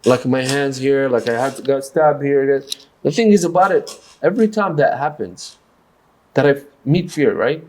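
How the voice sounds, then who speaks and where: A man's voice: medium pitch, darkish tone, slight background noise. A boxing coach, telling stories earnestly in a casual podcast conversation, often restarting his sentences. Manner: earnest, storytelling, halting restarts.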